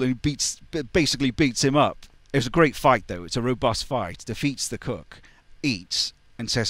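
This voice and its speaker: A man's voice: mid-range voice, animated, moderate pace, no room sound. A young man giving a casual storytelling lecture on a video channel, chatty, with asides and restarts. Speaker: YouTube presenter on medieval ballads.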